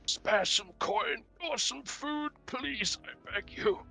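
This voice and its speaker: A frail plague-ridden beggar begs for coin in a thin, quavering, raised voice, as a man puts him on. The voice is faint and sounds a little off-mic, and soft music plays behind it. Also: high-pitched, takes it slowly, vocal fry, slightly rough, voice pushed up, full character voice. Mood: pleading. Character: sick male plague beggar, pleading.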